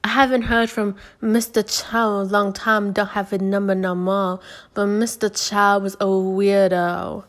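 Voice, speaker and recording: A woman's voice: mid-range voice, level tone, a little slow. A woman in her twenties hosting a podcast, telling stories in a rambling, profane way, full of fillers and restarts. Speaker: podcast host. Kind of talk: casual storytelling.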